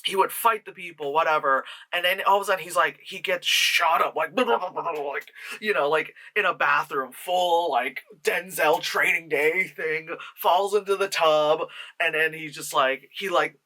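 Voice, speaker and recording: A movie reviewer from the New York tri-state area talking through a film in a rambling, profane, casual way, slipping into quick mock voices of the characters. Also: mid-range voice, bright, forceful tone.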